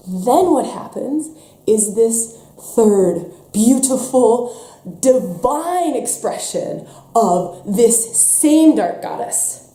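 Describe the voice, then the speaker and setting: Woman workshop leader, fairly high mellow voice, passionate spiritual talk, echoey room. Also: lively intonation, very slow. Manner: passionate, swearing, shifts between soft and emphatic.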